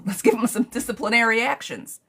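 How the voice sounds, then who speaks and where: A woman's voice: on the high side, a little fast, a little hiss or hum. A woman giving a live tarot reading, with blunt and profane advice that she calls out to her viewers. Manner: blunt, profane, animated advice with frequent "girl". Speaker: tarot reader.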